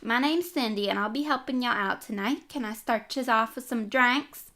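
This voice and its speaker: A woman reading a storybook aloud, voicing a chatty young waitress with a Southern US accent and breezy, rushed manner. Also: on the high side, sharp tone, pitched above the performer's own voice.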